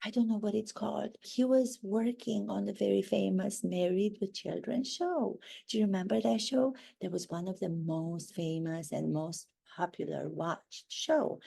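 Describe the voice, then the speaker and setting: A woman's voice: mid-range voice, creaky, mellow, husky. A woman playing a haughty, self-absorbed duchess in a rambling parody monologue.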